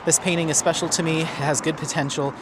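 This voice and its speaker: A man with a voice on the high side talks quickly and flatly while vlogging on a neighborhood street, walking his dog. Amid background noise, he chats loosely and reads viewer comments aloud, full of fillers and restarts.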